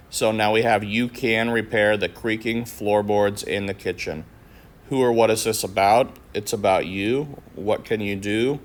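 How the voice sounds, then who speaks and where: A man teaching a grammar lesson, walking through each sentence with patient questions and answers. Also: lowish voice.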